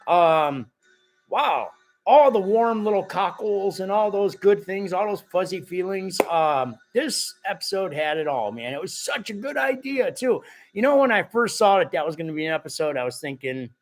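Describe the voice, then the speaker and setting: Lively high-voiced man hosting a live chat. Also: moderate pace. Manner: animated and jokey, talks straight to the viewers. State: voice cracking. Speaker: live-stream host. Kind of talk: casual live-stream chat, reading viewer comments.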